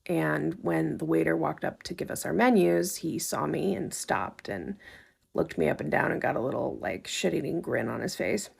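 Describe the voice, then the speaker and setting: A woman's voice: deep voice, animated, moderate pace, vocal fry, a little mellow, slightly rough. A woman casually telling a personal story in a wry, conversational way. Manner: wry, conversational, acts out quotes.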